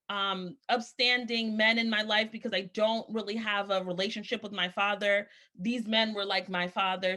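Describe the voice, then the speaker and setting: Woman, 30s, earnest personal testimony, bright, slightly high voice. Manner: earnest, emotional, candid. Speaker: speaker sharing her story.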